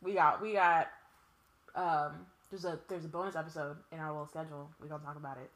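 A woman co-hosting a podcast, relaxed and slangy, chatting and reading a book aloud. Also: low-pitched, quick pace, a little hiss or hum. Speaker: podcast co-host.

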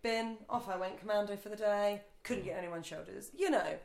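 A woman's voice: mid-range voice, moderate pace, gravelly, darkish tone. A woman co-hosting a podcast, telling a story in casual chat in a frank, cheeky, self-mocking way. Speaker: podcast co-host. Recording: echoey room.

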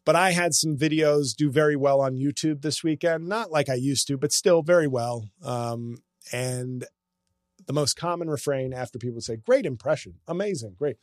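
A man's voice: medium pitch, moderate pace, no room sound, clean studio sound. A man hosting a casual comedy podcast, talking in a sarcastic, ranting, self-mocking way.

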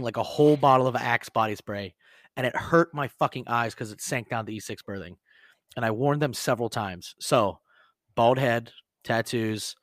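Man, casual podcast co-host, swears a lot, mid-pitched voice, dry close sound. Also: dry recording. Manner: profane, animated storytelling with shouted quotes. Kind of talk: casual storytelling chat.

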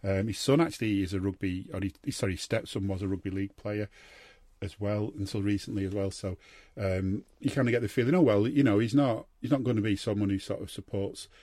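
A man's voice: fairly low pitch, a little fast, mellow, no echo, studio quality. A man, a podcast co-host talking heatedly in a rambling way, full of fillers and restarts. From Liverpool. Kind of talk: casual football podcast chat.

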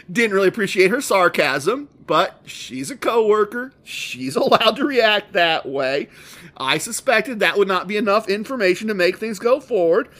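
A man's voice: high-pitched, fairly bright tone. A man hosting a podcast, telling a casino story with dry, wry, self-deprecating asides. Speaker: podcast host. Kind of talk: casual storytelling.

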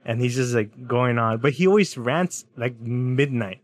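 A young man in college chats bluntly and swears freely, tossing in quick jokes. His voice sits at an ordinary middle pitch. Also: no room sound. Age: young adult. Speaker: college student. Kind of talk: casual podcast chat.

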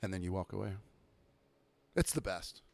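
A young man hosting a podcast, ranting profanely about bartending and customers, now and then mimicking them in a higher voice. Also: lively intonation, moderate pace, vocal fry, a little mellow, dry recording. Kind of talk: casual podcast rant.

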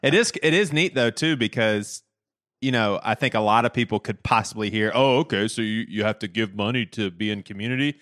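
A man's voice: on the low side, a little fast, fairly bright tone, dry recording. Male co-host, wry casual chat, dead-dry close sound. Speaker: podcast co-host.

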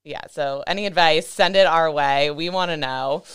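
A woman's voice: low-pitched, moderate pace, clean tone. A young woman co-hosting a fitness podcast in casual chat, upbeat and playful. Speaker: podcast co-host.

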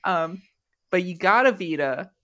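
A woman hosts a casual podcast with a playful, teasing manner. Her pitch swings widely as she talks. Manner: animated, playful, quick to laugh. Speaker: podcast host.

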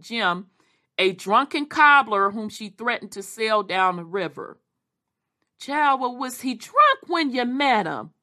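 A woman reading history aloud and adding animated, casual commentary. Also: fairly high pitch. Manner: animated, quick asides, Southern Black vernacular.

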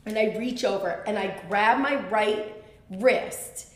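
A woman telling a personal story as a podcast guest, animated and quick, with lots of fillers. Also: mid-range voice, roomy sound.

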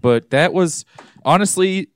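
A man's voice: high voice, a little slow, no room sound, clean studio sound. Joking podcast host man. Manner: joking, laughs often. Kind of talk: casual podcast chat.

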